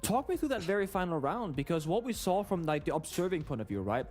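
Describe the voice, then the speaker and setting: A man breaks down gameplay on an esports desk in a somewhat high voice. He asks detailed, inquisitive questions. Faint music plays behind him. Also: big pitch swings, fast, darkish tone. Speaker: esports analyst. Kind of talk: analytical esports interview questions.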